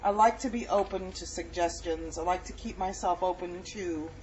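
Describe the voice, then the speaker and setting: A woman's voice: on the low side, normal speed, a little mellow. A woman rambles cheerfully through a casual home cooking vlog. She is filmed in her own kitchen, tasting each dish with pleased murmurs. The recording is dull and lo-fi, with faint background noise. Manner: chatty, rambling, tastes food on camera with lots of mm's.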